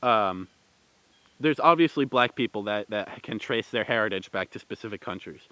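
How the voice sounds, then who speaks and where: A man's voice: lowish voice, animated, moderate pace, sharp tone. A man giving a rambling, heated opinion commentary with many fillers and restarts. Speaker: vlogger.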